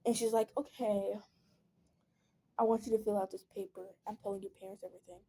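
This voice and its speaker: A woman's voice: medium pitch, little pitch movement, brisk, dark tone, breathy edge. A teenage girl telling a personal story in a casual storytime vlog. She rambles, fills her talk with "like" and "um", and acts out the people she quotes.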